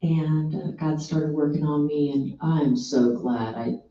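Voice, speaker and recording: A woman's voice: deep voice, steady tone, slow, dark tone. A woman guest sharing a heartfelt, earnest story on a radio show. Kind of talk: casual faith-based chat. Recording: echoey room, distant dull mic.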